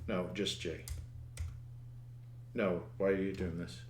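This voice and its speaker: This screen-recorded coding lesson features a man with a low-pitched, flat voice speaking at a slow pace. He mutters at the code, thinks aloud, and restarts his words, with reverb and slight background noise in the recording.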